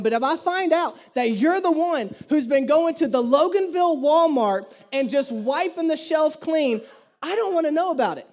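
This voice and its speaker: A man's voice: extremely high pitch, darkish tone. A man, a pastor preaching a sermon and telling a story with humor and animation. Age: 30s.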